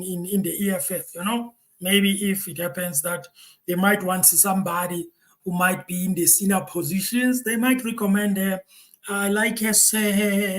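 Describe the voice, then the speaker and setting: A man's voice: high-pitched, fairly bright tone, rough recording. Chatty reaction-video man. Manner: repetitive, stammering restarts, chatty asides to viewers. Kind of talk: casual reaction commentary.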